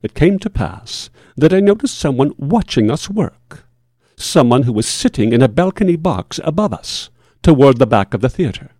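A man reading a first-person horror tale as scripted narration, with a measured, solemn and formal delivery. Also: mid-range voice, big pitch swings, warm tone, no echo, clean studio sound.

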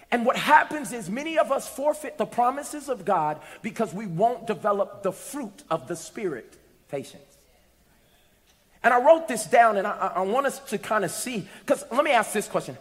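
High-voiced preacher in a reverberant hall. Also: male voice, very animated, moderate pace. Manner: storytelling, rising to shouts and playful asides. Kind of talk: sermon. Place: large church hall.

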